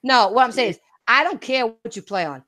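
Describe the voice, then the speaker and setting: A woman's voice: a little high, animated, fairly quick, sharp tone. A woman hosting a casual gaming talk stream, brash and profane, laughing hard and repeating herself. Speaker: streamer and podcast host.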